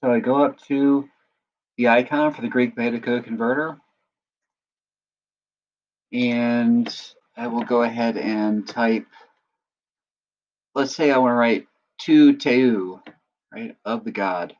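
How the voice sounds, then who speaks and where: A man acting as instructor, patiently walking through a software tutorial and often checking in with listeners. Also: mid-range voice, fairly even intonation, unhurried, long pauses, highs cut off. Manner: patient step-by-step explaining, often checks in with "right?". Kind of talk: screen-recorded software tutorial.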